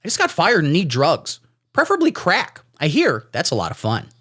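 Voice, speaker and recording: A man putting on a high, shrill voice to mock a smug male TV pundit. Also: wildly swooping pitch, moderate pace, a bit bright, husky, full character voice. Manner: shrill, exaggerated.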